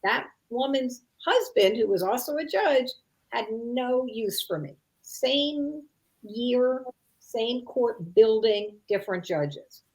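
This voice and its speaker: A woman's voice: fairly high pitch, lively intonation, takes it slowly, darkish tone. A middle-aged woman answering an interview question as an expert guest. She talks in a thoughtful, conversational way, acting out parents' lines as examples and often saying "you know" and "like.".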